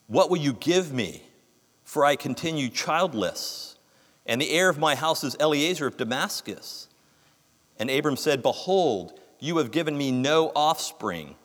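A man's voice: mid-range voice, a bit bright. Earnest preacher man in a reverberant hall. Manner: earnest expository preaching, reads scripture aloud with emphasis. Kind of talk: sermon.

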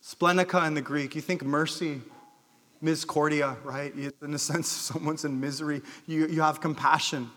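A man's voice: steady tone, normal speed, pushed and bright. Earnest male pastor preaching in a hall. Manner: earnest, rises to emphatic calls then drops low. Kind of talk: sermon. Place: church sanctuary.

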